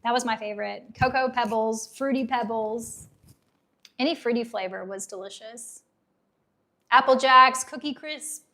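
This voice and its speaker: A woman in her thirties hosts a live unboxing stream, chatting casually and reading viewer comments aloud with nostalgic enthusiasm. Her voice sits on the high side, bright and forceful, and she takes her time, though she's losing her voice and it's turning a little hoarse.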